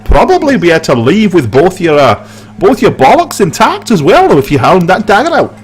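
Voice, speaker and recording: A man's voice: wildly swooping pitch, normal speed, faint music behind. A man voicing a proud, jovial older Scottish clansman with a hearty, rolling Scottish accent. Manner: hearty, booming toasts, rolling brogue.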